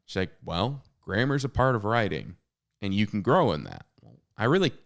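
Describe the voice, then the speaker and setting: A man's voice: fairly low pitch, very animated, moderate pace, vocal fry. A man in his thirties talking candidly on a podcast, telling stories with plenty of fillers and restarts. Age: 30s. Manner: candid, self-deprecating storytelling with many fillers and restarts. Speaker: podcast co-host and author. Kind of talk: casual podcast conversation.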